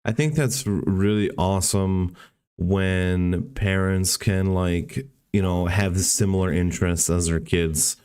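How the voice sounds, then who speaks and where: A man's voice: low voice, fairly even intonation, a little slow, a little mellow, clean tone. A young man hosting a podcast in a laid-back, casual way. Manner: laid-back, says dude a lot. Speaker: podcast host.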